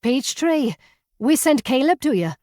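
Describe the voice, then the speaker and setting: A woman voicing a tiny, playful young woman with a soft Irish accent, chirpy and high. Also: huge pitch swings, normal speed, no echo, studio quality. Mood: excited, teasing. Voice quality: soft, bright and bouncy.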